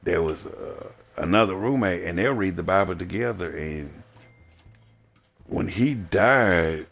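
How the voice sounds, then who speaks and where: A man's voice: deep voice, lively intonation, measured pace, vocal fry, a bit bright. A man with a Southern American accent, livestreaming a blunt, rambling and profane casual monologue. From Southern United States.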